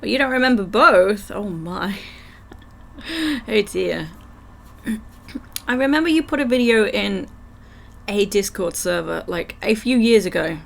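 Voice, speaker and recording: Slow-talking croaky woman streamer. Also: mid-range voice, expressive. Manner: chatty, giggly, reads chat aloud. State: croaky throat. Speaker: livestream gamer. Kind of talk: casual live gameplay chat, reading game text aloud.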